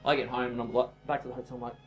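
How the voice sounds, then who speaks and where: A man co-hosting a podcast, chatting casually and telling stories with lively acted-out voices. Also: medium pitch, racing, faint music behind. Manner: animated storyteller, acts out other people's voices. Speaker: podcast co-host. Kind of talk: casual chat. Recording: echoey room.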